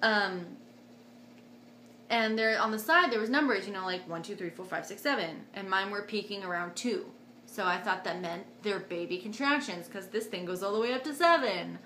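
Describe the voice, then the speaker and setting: A young woman tells a personal story to camera in a chatty, animated way, jumping up in pitch whenever she quotes someone. Her voice is bright and forward. The room adds a clear echo and a faint hiss behind her. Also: moderate pace. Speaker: vlogger.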